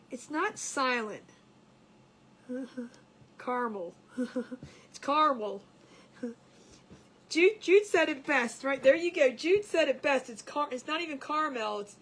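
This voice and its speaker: A high-voiced woman chats unhurriedly with her live viewers while she paints a craft piece, laughing often and reading their comments aloud. A faint hiss sits under her voice. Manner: giggly, chatty, reads viewer comments aloud. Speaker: craft livestream host.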